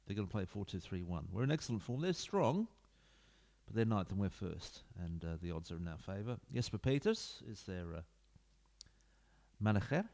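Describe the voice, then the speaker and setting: A man's voice: fairly low pitch, very animated, normal speed, creaky, darkish tone. A man giving casual, rambling commentary while playing a football management game at home, chatting to viewers with offhand asides. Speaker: gaming YouTuber. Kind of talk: casual let's-play commentary. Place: home room. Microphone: desk mic into computer.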